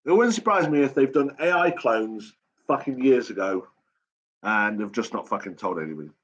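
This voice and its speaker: A middle-aged man rambles through a casual late-night live chat, blunt and swearing at every turn. His voice sits at an ordinary middle pitch. The sound is slightly dull and lo-fi. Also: expressive, normal speed, a bit bright. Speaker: live stream host.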